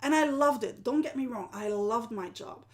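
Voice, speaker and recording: A woman, a live-streaming art journaling teacher who often sinks into a soft whisper and laughs at herself. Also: fairly high pitch, normal speed. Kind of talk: live-stream talk to viewers.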